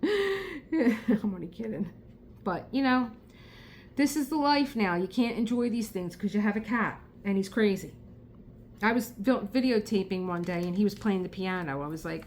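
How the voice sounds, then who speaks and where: A woman's voice: mid-range voice, lively intonation, normal speed, darkish tone, slight background noise. A middle-aged woman with a South Philadelphia accent, chatting casually and rambling as she crafts, laughing often. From Philadelphia, USA. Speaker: crafting vlogger. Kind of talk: casual chat while crafting.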